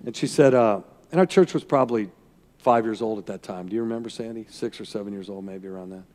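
Rambling folksy pastor in a reverberant hall. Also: male voice, lowish voice, fast, a little mellow. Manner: rambling, folksy storyteller with asides to the crowd. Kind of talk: sermon.

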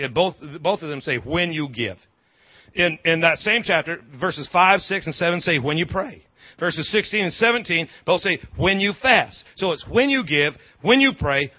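A male preacher with a high, somewhat husky voice delivers a sermon in an emphatic call-and-response style and hammers his phrases through repetition. The recording sounds dull and lo-fi. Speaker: pastor.

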